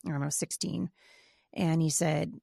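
A middle-aged woman telling reflective stories about raising her children. Her voice is lowish and gravelly, with noticeable vocal fry. The recording is dry and close, with little room sound. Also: fairly even intonation, a little slow, warm tone, no room sound. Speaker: podcast co-host. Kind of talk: casual conversation about parenting.

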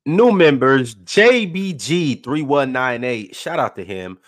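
Male panel host, mid-pitched and dry, reads chat comments fast. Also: expressive, no echo. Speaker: podcast host reading viewer comments.

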